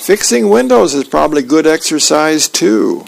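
A man's voice: on the high side, expressive, moderate pace, vocal fry, pitched above the performer's own voice, heavily acted. A man voicing a curious young boy from a comic strip, read aloud.

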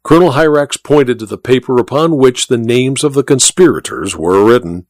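Expressive male audiobook narrator. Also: mid-range voice, normal speed, hardly any pauses, dry recording. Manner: expressive, storytelling.

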